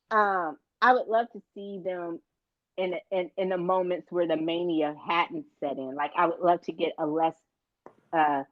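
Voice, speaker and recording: A woman's voice: lowish voice, dry recording, phone-quality sound. A woman co-hosting a show review, chatting casually, acting out scenes in playful voices and laughing often. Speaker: podcast co-host reviewing a TV show. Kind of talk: casual chat.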